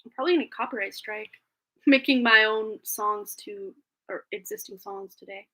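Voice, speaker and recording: A woman's voice: mid-range voice, moderate pace, sharp tone. A woman reading tarot on a live stream, chatting casually in a rambling way with frequent laughs, a little phlegmy after being sick.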